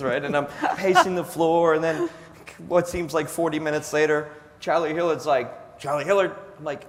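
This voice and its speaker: A man, an air show pilot, telling a personal story in an animated way, acting out the dialogue. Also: fairly high pitch, a little slow, slight background noise. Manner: animated, acts out dialogue with lots of "I'm like". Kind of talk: storytelling speech. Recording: long hall reverb, faint room ambience.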